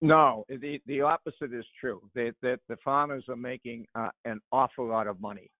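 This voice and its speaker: An older man is a guest on a talk show, calling in over a tinny, phone-like line with a dry sound. He tells his stories in an animated way, often repeating words and chuckling as he goes. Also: mid-range voice, moderate pace, dry recording. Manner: animated, laughs while telling anecdotes, repeats words. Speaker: author and guest. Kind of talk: conversational storytelling on a radio show.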